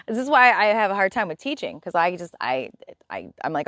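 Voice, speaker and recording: A woman's voice: lowish voice, wildly swooping pitch, moderate pace, long pauses, fairly bright tone, dry recording. A woman hosting a live stream who talks bluntly and exasperatedly in a casual spiritual rant, swearing freely.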